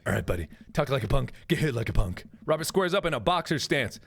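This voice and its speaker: A man voicing a blunt, tough-talking adult male film buff from a dating game, in a low, clipped, gruff manner. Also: sing-song, fast talker, fairly bright tone, slight background noise. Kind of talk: game dialogue read aloud.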